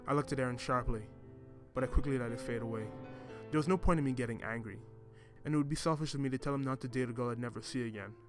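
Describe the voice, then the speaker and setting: Man, storyteller, measured, reflective, mid pitch, soft music behind. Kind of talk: first-person story narration.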